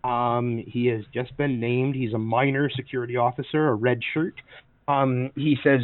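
A man's voice: mid-range voice, steady tone, unhurried, dry recording. A man running a tabletop game as game master, narrating in a chatty way with many fillers. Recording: dry, phone-like voice call audio.

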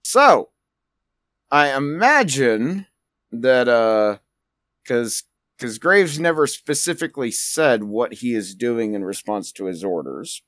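A man's voice: medium pitch, expressive, slow pace, fairly bright tone, dry recording, clean studio sound. A man narrating as game master for a tabletop game, rambling and stopping often to hunt for words. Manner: rambling, many fillers.

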